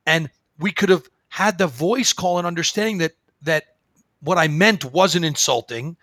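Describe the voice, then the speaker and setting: Man, fairly high voice, animated storyteller, acts out quotes, dry close-mic sound. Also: moderate pace, no room sound. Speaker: guest, phone service business owner. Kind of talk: conversational podcast interview.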